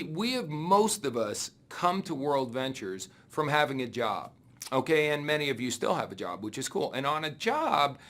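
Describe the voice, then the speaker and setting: A man giving a motivational talk on business, acting out excited and gloomy voices as he goes. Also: medium pitch. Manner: animated, acts out excited and gloomy inner voices. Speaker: network marketing speaker.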